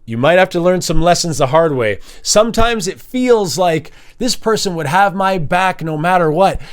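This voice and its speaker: A man's voice: high-pitched, moderate pace, no echo, studio quality. A man talking casually to camera, telling personal stories and acting out the people in them. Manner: animated, acts out quoted voices. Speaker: vlogger. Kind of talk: casual storytelling monologue.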